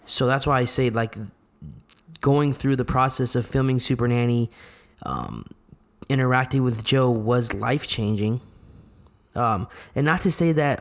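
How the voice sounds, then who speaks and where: A man's voice: medium pitch, unhurried, pauses often. A young man co-hosting a podcast, chatting casually in a rambling way with lots of fillers. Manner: rambling, full of fillers like "you know what I mean". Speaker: podcast co-host. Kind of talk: casual chat.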